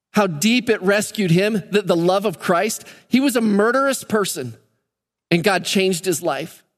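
A man's voice: high-pitched, big-room sound. A male pastor preaching a sermon in a church, emphatic and repeating phrases for stress. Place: church sanctuary.

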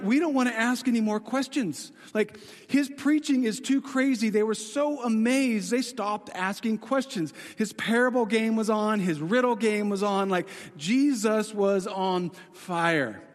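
A man preaching a sermon in a casual, conversational way, telling the story dramatically and swinging from excited to hushed. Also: high voice. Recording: long hall reverb.

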